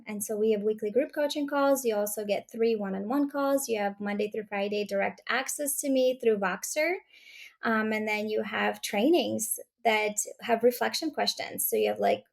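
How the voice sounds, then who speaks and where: Brief: woman podcast guest coach, reassuring and measured, noticeable vocal fry. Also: on the high side, darkish tone. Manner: earnest, reassuring, speaks in measured phrases. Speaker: guest, anger coach for mothers. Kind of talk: podcast interview conversation.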